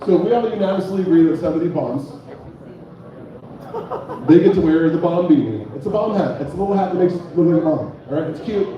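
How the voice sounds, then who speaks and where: A man's voice: on the high side, expressive, fast, very echoey, recorded from a distance, lo-fi sound. A young man hosting a bar comedy night and doing stand-up, loose and joking, chatting with the crowd. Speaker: comedy show host and stand-up comic.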